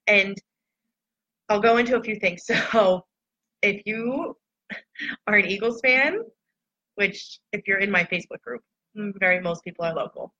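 A woman's voice: medium pitch, unhurried, long pauses, pushed and bright. A woman talking casually and candidly to her online followers in a reflective, loose storytelling way. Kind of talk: casual personal talk to followers. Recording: dull lo-fi recording.

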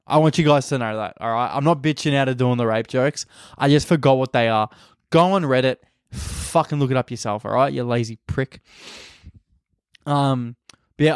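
A man's voice: mid-range voice, no echo, clean studio sound. A man with an Australian accent, a stand-up comedian rambling crudely through a casual solo podcast. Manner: crude, rambling, heavy swearing.

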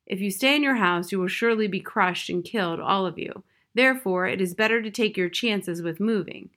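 A woman's voice: medium pitch, a little fast, a bit bright, close to an everyday voice. A woman reading as a grave, formal old owl. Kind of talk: audiobook reading.

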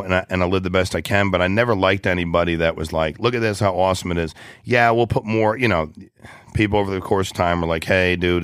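Deep-voiced blunt talking man. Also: fairly bright tone, no room sound, studio quality. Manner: rambling, blunt, drops into slang like "dude" and "ain't". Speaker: guest, business owner. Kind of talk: casual interview chat.

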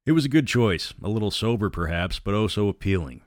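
A man's voice: lowish voice, animated, a little fast, no room sound, studio quality. A man narrating a horror novel aloud, reading every character in his own voice. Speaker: storyteller.

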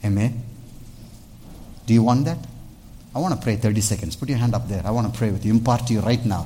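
A man preaching a sermon to a church congregation, animated and calling out to the crowd. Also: fairly low pitch, quick pace, pauses often, a little hiss or hum. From India. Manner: animated, calls out "Hello?" to the congregation, dramatic shifts in loudness. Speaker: pastor.

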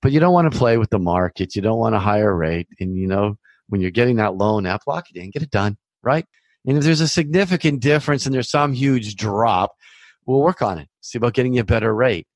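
A man's voice: on the low side, expressive, brisk, no echo. A man hosting a podcast, giving casual, reassuring advice in a chatty monologue that often repeats itself. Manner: chatty, reassuring, repeats himself, conversational asides. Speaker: mortgage loan officer hosting a podcast.

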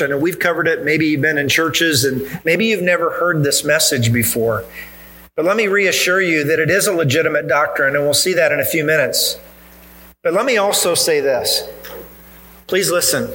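Man preaching in church, kinda high voice, bright and forceful, keeps hammering the point. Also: low-quality recording. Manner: earnest, emphatic preaching with pointed repetition. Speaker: pastor. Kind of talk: sermon.

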